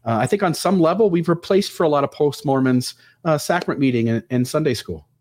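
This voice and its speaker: A man's voice: a little high, fairly quick, a little mellow. A man hosting a live show, easygoing and chatty as he talks with his co-host. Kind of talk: casual live show banter.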